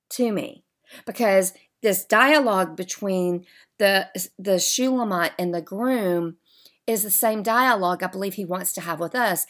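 A woman hosts a faith podcast and speaks in an unhurried, drawn-out way. She leans on key words with heartfelt emphasis. Now and then she lets her voice sink into soft, murmured asides. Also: mid-range voice. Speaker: podcast host.

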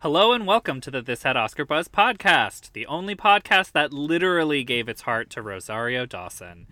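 A man's voice: on the high side, big pitch swings, normal speed, pushed and bright, no echo. A young man hosting a podcast about films, chatting casually and joking with many fillers. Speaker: podcast host. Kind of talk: casual chat.

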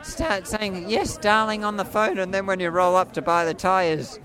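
A man in his forties with an Australian accent and a high voice often mistaken for a woman's, rambling through stories in an animated, playful way. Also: moderate pace. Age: 40s. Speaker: street performer jester. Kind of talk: casual storytelling interview. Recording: faint crowd outdoors.

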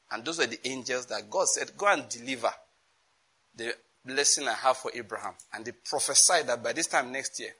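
A preacher teaches a sermon on prayer, emphatic and frequently checking that his listeners follow, and he reads scripture slowly and loudly. His voice is medium-pitched and husky, and the recording quality is low.

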